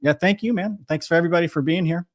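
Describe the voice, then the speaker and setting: A man's voice: a little high, very fast, no echo. Rambling male guest, dry close sound. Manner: rambling, hedging, self-correcting. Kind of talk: casual finance chat.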